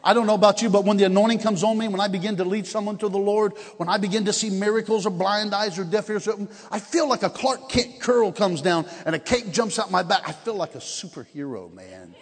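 A man preaching as an evangelist at a church service, energetic and laughing often, swinging between shouts and hushed tones. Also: sits high, brisk, hardly any pauses. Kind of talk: revival sermon. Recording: long hall reverb.

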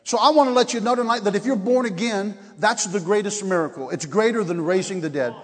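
A man preaching as an evangelist at a church service, energetic and laughing often, swinging between shouts and hushed tones. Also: high voice, a little fast. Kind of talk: revival sermon. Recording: long hall reverb.

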